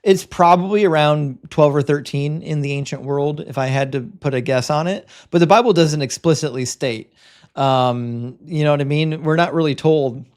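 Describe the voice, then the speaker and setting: This debate-show host lectures bluntly while going through viewer messages on a livestream, with frequent quick, stammered restarts. His voice is a little high with a darkish tone.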